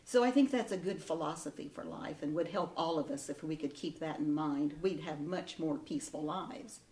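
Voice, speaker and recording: A woman giving gentle, encouraging advice to young graduates in a storytelling manner. Her voice sits a little low and reaches the mic from some distance in an echoey room. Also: moderate pace. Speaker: ceremony speaker. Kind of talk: heartfelt advice speech.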